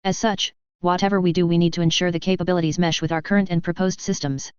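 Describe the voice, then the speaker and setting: A narrator voicing a composed female warship captain who talks in a crisp, businesslike way, with a dull, lo-fi sound. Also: sits high, little pitch movement, quick pace, a little mellow, no room sound, close to an everyday voice. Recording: dull lo-fi dry audio.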